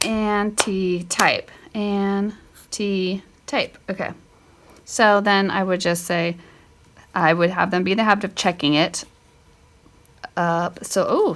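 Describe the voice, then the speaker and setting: A middle-aged homeschool teacher walks through a casual spelling lesson, thinking aloud, correcting herself and making chatty asides. Her voice is fairly low in pitch and a bit bright.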